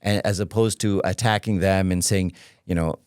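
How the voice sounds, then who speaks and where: Deep-voiced man telling a story. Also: fairly even intonation, normal speed, darkish tone, clear, resonant tone, no room sound, clean studio sound. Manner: storytelling, acts out quotes, many restarts. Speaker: archdeacon and podcast guest. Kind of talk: conversational podcast chat.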